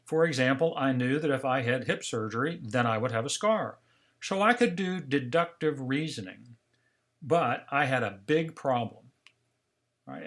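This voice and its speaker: Older man giving a calm lecture. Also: mid-range voice. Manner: calm storytelling, acting out remembered dialogue. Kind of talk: scripted seminar narration.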